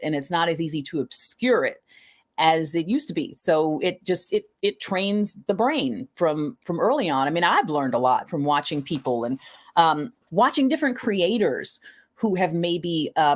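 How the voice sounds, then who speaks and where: A woman guesting on a podcast as an online creator, speaking thoughtfully and often restarting her phrases. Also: deep voice. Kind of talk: casual conversation.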